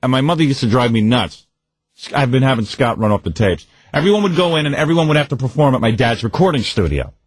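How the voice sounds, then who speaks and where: Middle-aged radio guy, husky, swings his voice all over, dry studio sound. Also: medium pitch, fast talker, no echo. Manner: animated, mocking, acts out his parents yelling. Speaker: radio host. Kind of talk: casual radio banter.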